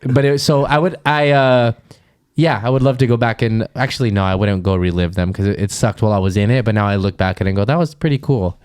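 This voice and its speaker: A man's voice: on the low side, fast, darkish tone, smooth. A man from the Los Angeles area, co-hosting a podcast and telling a candid, rambling story full of fillers. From Los Angeles area, USA. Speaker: podcast co-host. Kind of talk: casual chat.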